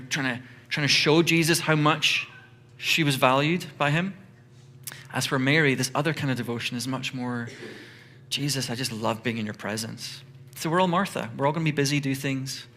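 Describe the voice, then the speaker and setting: A male pastor preaching a sermon in a loose, conversational way, with animated storytelling. His voice is bright and clear and sits at an ordinary pitch for a man. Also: a little hiss or hum.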